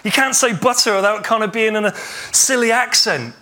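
A man preaching a sermon as pastor, retelling a story with lively acted-out dialogue. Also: sits high, brisk. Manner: animated storytelling, acts out imagined dialogue.

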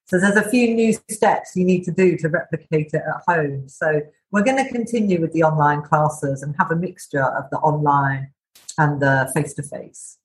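A woman's voice: low voice, moderate pace, poor audio. A woman guest in a casual podcast interview, talking enthusiastically about her cookery school. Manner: enthusiastic, chatty.

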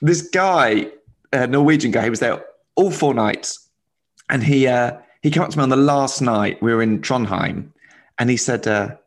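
A man, a stand-up comedian, telling a lively story in casual chat, laughing as he goes. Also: medium pitch, normal speed.

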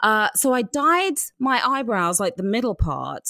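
An English woman in her thirties co-hosting a podcast, telling animated stories with frequent laughter. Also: fairly high pitch, a little slow, dry recording, studio quality. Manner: animated storyteller, laughing often. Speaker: podcast co-host. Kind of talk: casual podcast chat.

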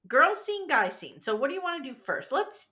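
A woman co-hosting a podcast, chatting in an expressive, playful way with quick asides. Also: high-pitched. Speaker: podcast co-host. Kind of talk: casual recap chat.

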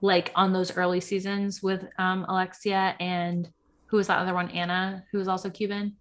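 A woman's voice: fairly low pitch, little pitch movement, moderate pace, fairly bright tone. Chatty young woman gossiping. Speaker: podcast co-host. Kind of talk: casual chat recapping reality TV.

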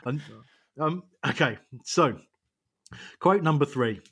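Husky British man hosting a podcast. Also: medium pitch, brisk, fairly bright tone, soft background music. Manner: chatty, hesitant with many ums, laughs easily. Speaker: podcast host. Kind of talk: casual football chat, quizmaster.

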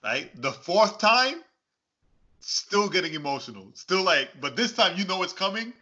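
A man co-hosting a podcast in casual chat, telling stories in an animated, exclaiming way and laughing often. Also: high-pitched, a little slow. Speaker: podcast co-host. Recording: dull, lo-fi podcast audio.

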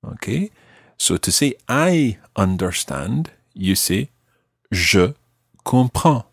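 A husky-voiced man hosting a podcast language lesson, his pitch sitting low but moving a lot as he prompts his learner with patient questions. The sound is dry and close, with no room around it. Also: animated, slow, no room sound. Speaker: language teacher and podcast host.

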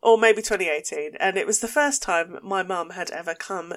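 A woman with an Essex accent, hosting a podcast and telling a story in an animated, casual way, swearing freely. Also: on the low side, moderate pace. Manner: animated, swears and laughs while telling stories. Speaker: podcast host.

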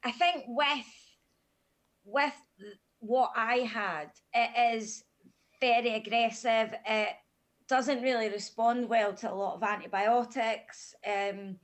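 A woman's voice: fairly high pitch, fairly even intonation, slow. A woman guest on a podcast, telling a hard personal story in a frank, matter-of-fact way.

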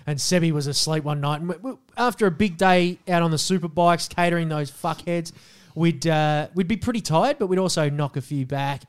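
Man, podcast co-host, casual chat, storyteller, a bit higher-pitched. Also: fairly quick, smooth. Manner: animated storytelling, acts out scenes.

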